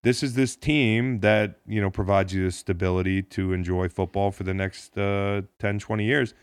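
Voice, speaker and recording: A man's voice: low-pitched, clear, resonant tone, no room sound, studio quality. A man co-hosting a casual sports podcast, talking in a jokey, profane, rambling way with lots of restarts. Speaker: podcast co-host.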